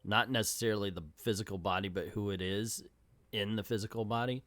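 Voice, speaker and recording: A man's voice: on the low side, steady tone, a little fast, a bit bright, no room sound. A man hosting a casual comic book recap, chatty and self-deprecating, who reads the panels aloud and voices the characters when quoting them. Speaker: comics channel host.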